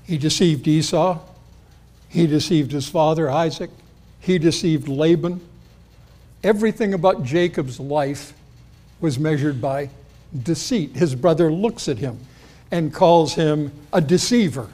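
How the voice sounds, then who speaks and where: Guy giving a sermon, kinda higher pitched, chatty, voices the quotes. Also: unhurried, warm tone. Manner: conversational, acts out quotes with rising pitch. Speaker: preacher. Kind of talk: expository sermon.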